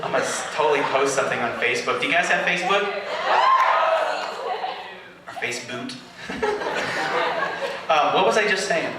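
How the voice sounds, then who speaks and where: A spoken-word poet reading to a live audience, slow and deliberate in his poems, rambling and laughing in his banter. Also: a little high, animated. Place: indoor venue with live audience. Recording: echoey room, mic far off, faint noise.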